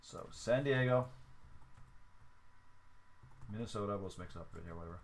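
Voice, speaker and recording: A man's voice: on the low side, normal speed. A man hosting a sports card break livestream, talking casually, counting steps aloud and apologizing for slip-ups. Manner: chatty, apologetic self-corrections, counts aloud.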